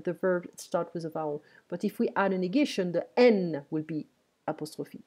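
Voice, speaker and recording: Teacher lady, soft warm voice, says things twice real patient. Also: medium pitch. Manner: patient, repeats phrases slowly and clearly. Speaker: French teacher. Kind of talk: live online language lesson.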